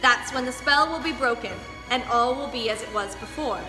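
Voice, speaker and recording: A woman's voice: fairly high pitch, normal speed, natural voice. Woman doing fussy kindly fairy godmother. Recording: echoey studio hall, faint music.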